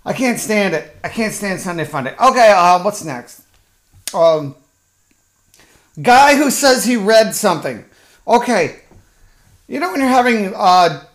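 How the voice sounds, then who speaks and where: A podcast host with a medium-pitched, slightly bright voice rants sarcastically and profanely through a solo comedic monologue. He rambles along with fillers and restarts, slipping into mocking voices now and then.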